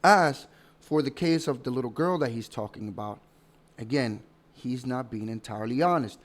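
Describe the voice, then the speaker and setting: A man of middle pitch talking through his commentary in a calm, measured way. He pauses and restarts now and then, his tone dismissive as he explains his side. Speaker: commentary channel host. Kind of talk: casual commentary.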